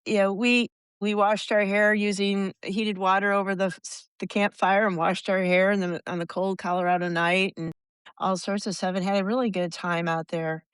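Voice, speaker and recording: An American woman in her sixties, a podcast guest telling rambling, animated stories and acting out the voices of people she quotes. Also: medium pitch, normal speed, clear, resonant tone, no echo. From United States. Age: 60s. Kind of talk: casual storytelling.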